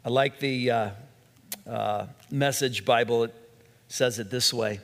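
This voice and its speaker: A man's voice: mid-range voice, fairly even intonation, a little slow, vocal fry, a bit bright. A man preaching a sermon, telling stories earnestly and stressing key words. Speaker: pastor. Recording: long echoing hall reverb.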